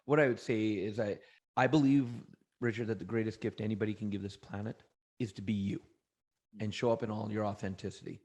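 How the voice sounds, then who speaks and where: A middle-aged man from Canada, a trainer telling energetic motivational stories as an interview guest, often restarting phrases. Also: on the low side, fairly quick. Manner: energetic, anecdotal, frequent restarts. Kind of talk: motivational storytelling.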